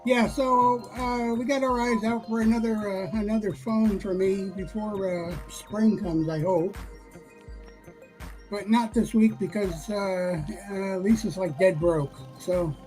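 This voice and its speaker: A woman's voice: medium pitch, steady tone, measured pace, a little mellow, faint music behind, low-quality recording. Chatty woman hosting a casual ramble. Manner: chatty, laughs easily, fillers. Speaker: show host. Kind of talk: casual chat.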